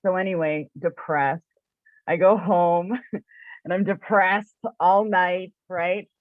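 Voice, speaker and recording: A spiritual shop owner and teacher from the New Brunswick area of eastern Canada tells a personal story chattily, laughing often and saying "like" a lot. Her voice is on the low side, steady and slow, with no echo, and the recording sounds dry and narrow, like a phone.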